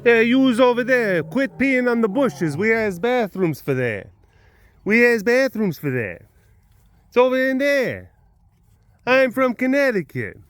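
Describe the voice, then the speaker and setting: A man putting on a loud, bossy, streetwise woman from Connecticut who barks orders in broken grammar. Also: a little high, lively intonation, takes it slowly, creaky, few pauses, smooth, no echo, full character voice. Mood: scolding. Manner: loud, pushy, barking orders with bad grammar.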